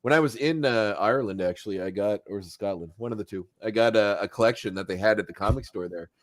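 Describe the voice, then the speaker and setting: A man's voice: fairly low pitch, fast talker, no room sound, clean studio sound. Chatty man recapping a cartoon episode. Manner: animated storyteller who acts out quotes and chuckles. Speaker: podcast host. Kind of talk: casual podcast chat recapping a cartoon.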